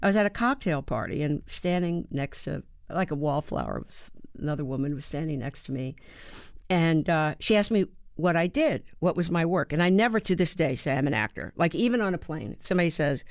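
A woman's voice: sits low, animated, no room sound, studio quality. Reflective woman in her seventies. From United States. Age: 70s. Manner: reflective storyteller, halting starts, rhythmic emphasis. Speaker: interview guest, actor and playwright. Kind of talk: conversational interview.

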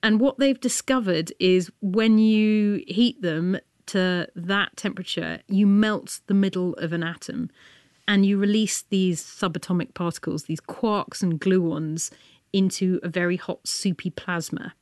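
A woman hosting a science radio programme, chatty and playful with quick asides. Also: medium pitch, steady tone, darkish tone, dry recording, studio quality. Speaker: radio science show host. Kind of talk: lively radio presenting.

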